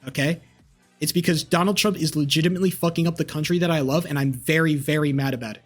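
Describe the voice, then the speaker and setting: A man's voice: a little high, steady tone, fast talker, faint music behind. A man streaming live, ranting combatively and profanely as he argues with chat. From United States. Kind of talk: live-stream political rant.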